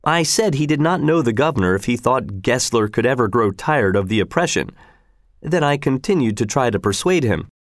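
A man reads aloud in a mid-range, near-everyday voice with lively intonation and moderate pace, playing an earnest, indignant patriot envoy who recounts his visit with some self-satisfaction. The sound is dry and clean, studio quality.

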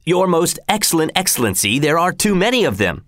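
A man's voice: on the high side, big pitch swings, a little fast, a bit bright, no echo, clean studio sound, voice pushed up. A man voicing a nervous peasant leader who speaks in a raised, strained, pleading way. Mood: pleading, defiant.

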